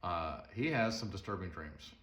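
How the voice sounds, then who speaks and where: A man's voice: low voice, expressive, normal speed, a bit bright. A male preacher retelling a story in a conversational sermon, full of rhetorical questions. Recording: roomy echo.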